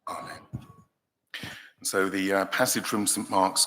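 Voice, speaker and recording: A man's voice: deep voice, steady tone, sharp tone. Welsh male dean reading in a hall. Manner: measured reading, then thoughtful talk with fillers. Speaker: cathedral dean leading Bible study. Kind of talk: Bible reading and reflective teaching. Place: large convention hall. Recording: long hall reverb.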